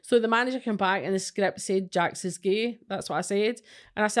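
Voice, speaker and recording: A woman's voice: medium pitch, fairly quick. Scottish woman, podcast co-host, swears freely, tells stories bluntly and chattily. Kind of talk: casual chat.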